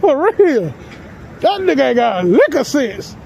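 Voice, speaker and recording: Holding the camera himself, a man filming police on an outdoor sidewalk talks back casually, taunting and brash, cursing and breaking into laughter as traffic hums faintly nearby. His very high voice swings widely in pitch and sounds creaky and a little mellow, he speaks a little slowly, and the audio is dull.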